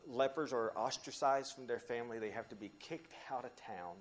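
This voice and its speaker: A man teaching a Bible study, talking in an animated way with restarts and sudden rises when he quotes scripture. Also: brisk. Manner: animated, frequent restarts, pitch jumps when quoting scripture.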